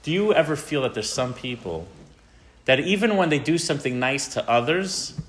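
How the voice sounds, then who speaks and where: A rabbi giving an informal, animated talk to teenagers. He tells a story and often asks the audience questions. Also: on the high side, moderate pace, slight background noise. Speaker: rabbi teaching teens.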